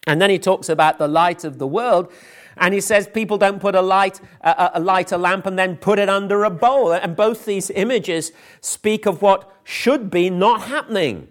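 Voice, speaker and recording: A man's voice: high-pitched, normal speed. A man preaching a sermon and explaining scripture verse by verse, earnest, with frequent restarts and hesitations.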